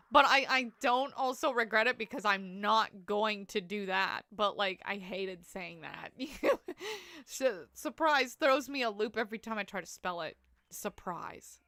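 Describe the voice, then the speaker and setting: A woman's voice: medium pitch, pushed and bright, no echo. A young woman streaming a life-sim game, chatting to her viewers in a rambling, laugh-filled way. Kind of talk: casual live-stream chat.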